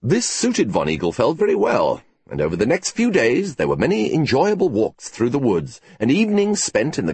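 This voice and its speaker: A man reading a novel aloud in a measured, wry storytelling manner. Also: mid-range voice, slightly rough, no echo. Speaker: narrator. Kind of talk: scripted audiobook narration.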